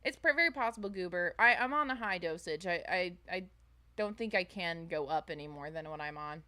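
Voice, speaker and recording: A woman's voice: expressive, brisk, sharp tone. A young woman streamer chatting casually with her viewers at home, rambling with fillers and restarts. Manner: high baby-talk voice to her pets. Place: home, indoors.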